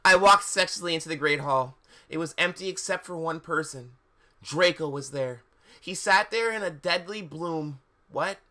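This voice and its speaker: A man's voice: fairly high pitch, normal speed, sharp tone. A man reading fan fiction aloud on a live stream, breaking off for sarcastic, incredulous asides. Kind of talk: mocking dramatic reading with commentary.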